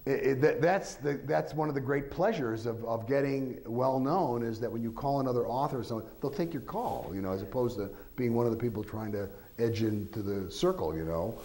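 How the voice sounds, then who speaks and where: A man's voice: mid-range voice, normal speed, mellow, poor audio. A man, an author, giving an informal talk to an audience, rambling through anecdotes with lots of filler phrases and acting out quoted voices.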